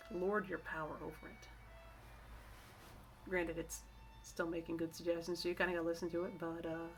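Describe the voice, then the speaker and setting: A middle-aged woman talks casually to camera, rambling from one aside to the next and restarting her sentences. Her voice sits a little low for a woman. Faint music plays in the background. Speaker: vlogger giving work-from-home tips.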